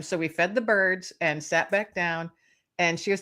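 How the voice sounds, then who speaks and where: A middle-aged woman, a guest author, telling lively anecdotes in casual chat, acting out little voices and laughing often. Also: fairly low pitch, fairly quick. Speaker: guest, author and podcast host.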